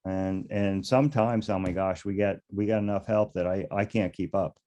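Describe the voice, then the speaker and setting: A man's voice: sits low, fairly even intonation, moderate pace, warm tone, dull audio. An older man, a beekeeper and interview guest, telling stories casually in a rambling way, chuckling now and then and often restarting his sentences. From United States.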